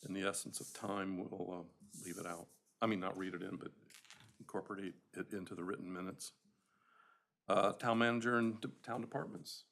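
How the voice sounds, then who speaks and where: A man's voice: low-pitched, fairly even intonation, moderate pace, vocal fry, a bit bright. A man chairing a town council meeting, running items in a procedural, somewhat hesitant way.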